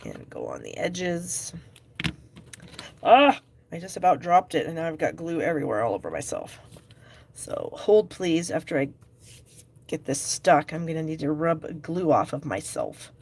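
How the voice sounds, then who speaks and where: A middle-aged woman with a slightly low voice hosts a live crafting stream. She talks casually and laughs at herself while she demonstrates each step. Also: huge pitch swings, unhurried, gravelly, pauses often, darkish tone, husky. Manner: chatty, self-deprecating, talks while working. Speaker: card-making class host. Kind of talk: live craft demo with viewer chat.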